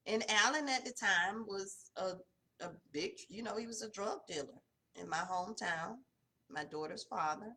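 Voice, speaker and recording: A woman, telling a personal testimony in a casual, conversational way. Her voice drops low and soft in the emotional stretches. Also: normal speed. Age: 40s. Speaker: host of a morning devotional.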